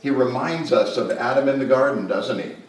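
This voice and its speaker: A man preaching a sermon as a pastor, emphatic, with dramatic swings in loudness and pace. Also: mid-range voice, fairly quick. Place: retreat camp meeting space. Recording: roomy echo, distant mic, faint background noise.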